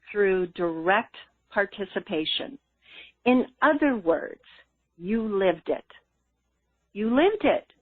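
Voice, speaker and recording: A woman's voice: medium pitch, no echo. Woman on a tinny phone line. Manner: laughs often, lively and earnest. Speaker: interview guest, spiritual coach. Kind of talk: conversational storytelling.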